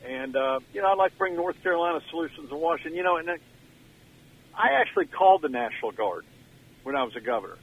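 A man's voice: a little high, animated, fast talker, breathy edge, phone-quality sound. An older man, calling in from his car as a radio guest and telling stories in a folksy, emotional way. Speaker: guest, former governor. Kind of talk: phone-in radio interview.

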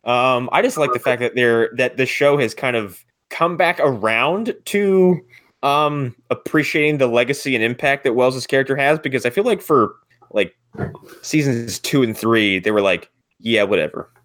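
A man's voice: medium pitch, animated, moderate pace, a bit bright, dry recording. A man co-hosting a casual podcast chat, rambling and swearing as he acts out quotes with laughs. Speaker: podcast co-host.

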